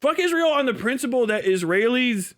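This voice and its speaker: Profane ranting man, high voice. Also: big pitch swings, brisk, a bit bright. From United States. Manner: heated, profane, mocking, breaks into laughs. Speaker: livestream host. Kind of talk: profane livestream rant.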